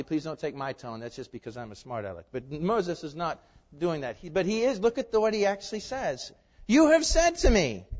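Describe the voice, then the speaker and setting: A man preaching an expository sermon, asking the congregation rhetorical questions and swinging between loud emphasis and hushed asides. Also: a little high. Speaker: pastor. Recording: reverberant hall, dull lo-fi sound.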